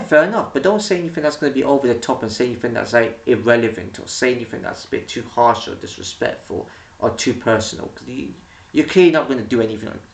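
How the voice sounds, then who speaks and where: A man's voice: medium pitch, creaky. A man rants to camera as a vlogger, rambling with rhetorical questions and many restarts. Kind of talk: ranting monologue. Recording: echoey room, distant mic.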